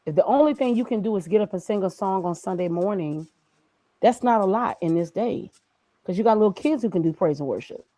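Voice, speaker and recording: A woman's voice: mid-range voice, animated, a little fast, warm tone, no echo. A woman, a graphic designer, being interviewed, talking in an emphatic, preachy way about her own experience. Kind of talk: casual motivational conversation.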